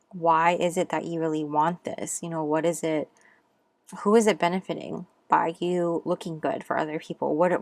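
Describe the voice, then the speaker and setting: Woman doing a tarot pick-a-card reading, kinda low voice, breathless, lots of ums and you-knows, dry sound. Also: no echo. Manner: chatty, rambling, full of fillers. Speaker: tarot reader. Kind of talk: casual intuitive tarot reading.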